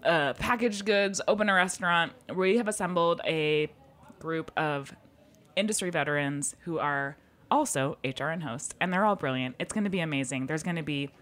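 A woman's voice: low voice, normal speed, fairly bright tone. A woman co-hosting a radio show in a studio, playful and enthusiastic as she reads announcements. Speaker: radio program manager and co-host. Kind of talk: casual studio chat, reading announcements. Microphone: studio microphone.

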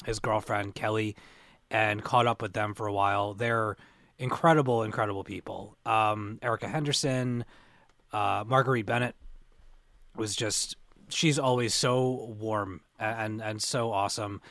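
A man's voice: fairly low pitch, fairly even intonation, measured pace, fairly bright tone, dry recording. A young adult man co-hosting a podcast, rambling through convention stories with many restarts. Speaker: podcast co-host. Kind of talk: casual podcast chat.

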